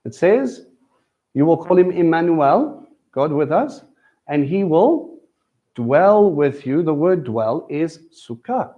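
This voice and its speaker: A man's voice: a little high, very animated, takes it slowly, muffled recording. A man teaching a live sermon in a conversational way, often asking his listeners questions. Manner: conversational preaching with questions to the crowd. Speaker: teacher at a Messianic congregation.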